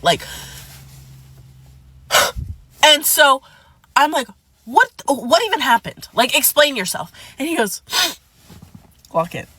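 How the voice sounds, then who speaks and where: A woman's voice: on the high side, fairly bright tone, husky. A woman telling a dramatic personal story, acting out quotes and swearing. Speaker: storyteller in a clip. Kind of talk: animated storytime.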